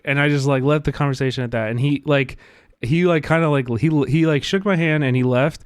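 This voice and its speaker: A man's voice: a little high, fairly quick, clean tone, dry recording, clean studio sound. Rambling, earnest young-sounding man streaming. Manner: rambling, many "like" fillers, earnest. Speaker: livestream host. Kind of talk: casual livestream talk.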